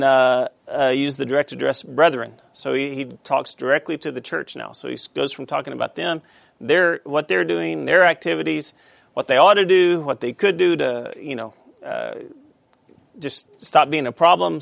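A man teaching a Bible study class, halting with many fillers and asking the class questions. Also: fairly high pitch, vocal fry, a bit bright, no room sound.

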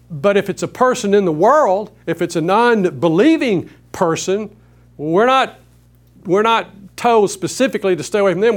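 Emphatic man teaching a Bible class. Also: high-pitched. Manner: emphatic, rhetorical questions.

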